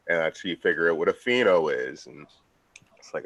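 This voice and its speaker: A man with a very deep voice tells a slow, easygoing story in a casual chat. The recording is dry and dull, lacking high end. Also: lively intonation, a bit bright, dry recording.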